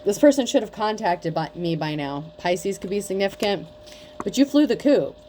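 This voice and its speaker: A woman's voice: mid-range voice, animated, moderate pace, warm tone, slight background noise. A woman giving a casual tarot reading, talking bluntly with lots of swearing and mockery. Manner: blunt, profane, mocking. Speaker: tarot reader.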